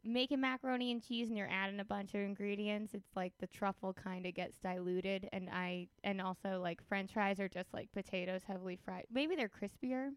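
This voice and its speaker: Woman cohost, laid back and wry, rambles a bit, smooth clear voice, dry mic. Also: medium pitch, a little fast, hardly any pauses, no room sound. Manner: relaxed, wry, musing, lots of "like". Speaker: podcast co-host. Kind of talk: casual chat.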